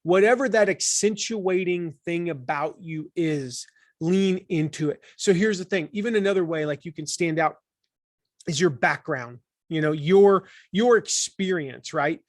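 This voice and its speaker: A man in his forties from the Southern United States, talking as an author in an interview, animated and full of restarts. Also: a little high, unhurried, no room sound, studio quality. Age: 40s. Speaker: author and guest. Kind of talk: conversational interview.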